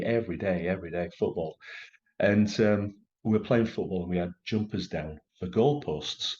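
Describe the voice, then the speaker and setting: Middle-aged man, deep voice, emotional storyteller with restarts; dull recording. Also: mellow. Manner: halting, emotional, many restarts and fillers. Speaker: actor telling his story as a guest. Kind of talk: personal storytelling in a conversation.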